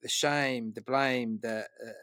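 A man hosts a podcast interview from a soundproofed studio booth, loose and chatty in his phrasing. His voice sits at an ordinary pitch, and the sound is dry and close with no room echo. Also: steady tone, slow, a bit bright. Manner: informal, chatty, says mate and lads. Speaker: podcast host. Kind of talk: casual interview chat.

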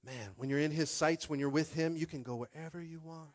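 A young man preaching a sermon as pastor, conversational and animated, calling out to the congregation. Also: a little high, a little fast.

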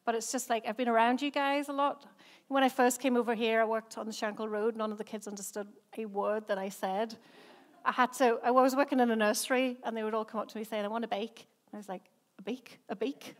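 A middle-aged English woman, a senior pastor, preaching in a chatty, conversational way with rhetorical questions and quick restarts. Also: on the high side, little pitch movement. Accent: English, softened by time living in Northern Ireland. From England. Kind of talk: sermon.

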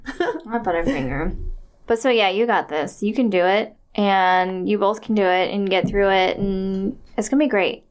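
A woman's voice: mid-range voice, fairly even intonation, normal speed, smooth. A woman co-hosting a casual chat, encouraging and reassuring the listeners, often restarting her sentences. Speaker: podcast co-host.

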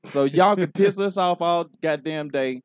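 A man's voice: a little high, a little slow, smooth, dry recording, studio quality. Crude, joking man in podcast chat. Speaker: podcast co-host. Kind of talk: casual chat.

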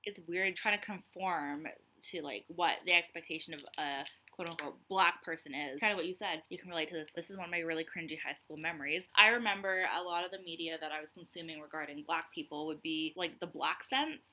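Fast-talking bright young woman. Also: deep voice. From Canada. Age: young adult. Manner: chatty, laughs often, lots of "like". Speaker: podcast host. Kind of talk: casual conversation.

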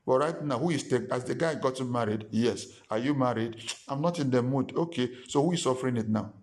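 A man's voice: medium pitch, fairly quick, darkish tone. A man preaching a sermon as a pastor. He talks emphatically, repeats his points and acts out the people he quotes.

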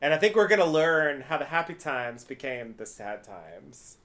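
A man's voice: fairly high pitch, big pitch swings, moderate pace, a bit bright. A man co-hosting a podcast, giving casual commentary on a TV episode with wry asides and frequent chuckles. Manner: laid-back, chuckles often, wry asides. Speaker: podcast co-host.

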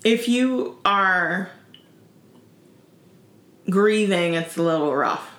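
A woman in her thirties chats casually and tells animated stories, often breaking into laughter. Her voice sits at an ordinary middle pitch. The room around her rings with a noticeable echo. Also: extremely slow. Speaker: podcast co-host. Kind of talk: casual chat. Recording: echoey room.

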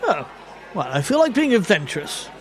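A man's voice: sits high, very animated, moderate pace, fairly bright tone, some chatter behind. A man playing a clueless, bumbling diner who stammers and blusters. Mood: blustering.

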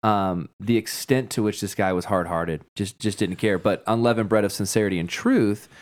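A man's voice: fairly low pitch, moderate pace. A man, a pastor, casually explaining a Bible passage in conversation, acting out little quotes as he goes.

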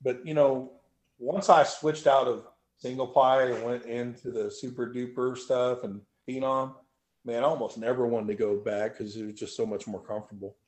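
A man telling stories as a powerlifting guest in a casual interview, animated and swearing freely. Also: mid-range voice, normal speed. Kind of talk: casual storytelling.

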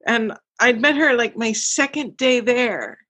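A woman hosting a casual chat, curious and relaxed, asking questions. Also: a little high, measured pace.

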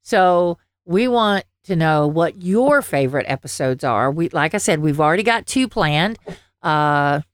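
A woman's voice: low-pitched, animated, measured pace, no echo, clean studio sound. A woman with a Southern accent, co-hosting a podcast in a rambling, chatty way full of fillers. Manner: rambling, lots of fillers and laughs. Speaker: podcast co-host. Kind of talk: casual chat. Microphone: headphones on, own mic.

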